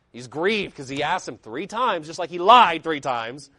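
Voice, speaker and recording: A man's voice: fairly high pitch, very animated, unhurried, hardly any pauses, sharp tone, no room sound. A man preaching a sermon with emphatic, rising and falling intensity, reading scripture aloud in old-style wording.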